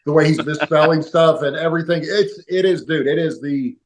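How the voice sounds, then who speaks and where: Rambling podcast co-host in an echoey room. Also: male voice, fairly high pitch, a little fast, a crowd in the background. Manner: rambling, crude, laughing often. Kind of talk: casual podcast banter. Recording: roomy echo.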